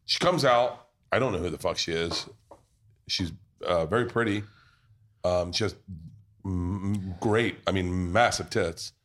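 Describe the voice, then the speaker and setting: Low voiced guy hosting a podcast, rambling cussy stories at a pub. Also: a little slow, fairly bright tone. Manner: rambling, profane anecdotes. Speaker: podcast host. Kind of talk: casual storytelling chat.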